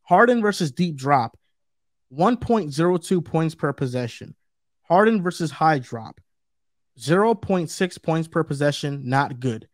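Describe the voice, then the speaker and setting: A man's voice: fairly high pitch, expressive, unhurried, no room sound, studio quality. A man co-hosting a sports debate show, talking emphatically and repeating his points for stress. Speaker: co-host.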